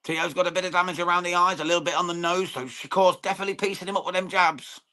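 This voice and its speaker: An English man hosts a live boxing stream in loose, chatty commentary, often calling his viewers mate and swearing now and then. His voice is bright and forceful and sits a little high. He's informal and talkative, like a mate talking over the fight. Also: steady tone, racing. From England. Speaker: watchalong stream host.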